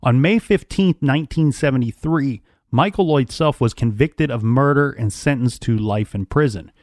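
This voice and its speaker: A man co-hosting a true crime podcast, recounting case details at a quick clip with dry asides. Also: medium pitch, darkish tone, dry recording. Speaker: podcast co-host.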